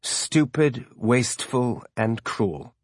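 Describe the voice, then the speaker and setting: A man's voice: medium pitch, animated, no echo, studio quality. A man voicing a resolute, pragmatic woman ship captain who speaks firmly and plainly. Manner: firm, measured, plain-spoken.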